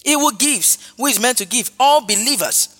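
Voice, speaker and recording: A very high-pitched man with lively intonation, a moderate pace and a fairly bright tone preaches a sermon. He is emphatic, repeats his phrases and punctuates everything with frequent hallelujahs. Long hall reverb and faint music fill the recording.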